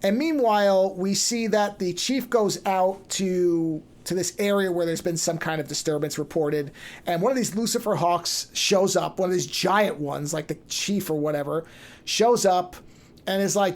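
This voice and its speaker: Speaking at normal speed in a mid-range voice, this podcast host loosely recounts a story with lots of energy. They keep restarting sentences and briefly voice the characters as they go.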